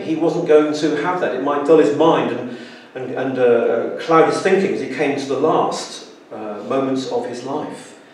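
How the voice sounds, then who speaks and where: A man preaches earnestly in a church, often restarting and bursting into sudden emphatic exclamations. His voice is a little high and darkish in tone, recorded from a distant mic in an echoey church hall.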